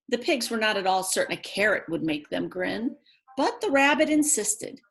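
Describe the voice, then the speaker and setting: A woman's voice: medium pitch, very animated, moderate pace, gravelly. A woman reading a picture book aloud, breaking off for chatty asides to her young listeners. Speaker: read-aloud storyteller.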